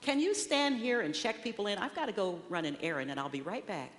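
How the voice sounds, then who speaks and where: A woman voicing an old male saint at the gates, bossy and hurried, giving brisk, offhand instructions in a long-echoing hall. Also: mid-range voice, animated, lightly acted.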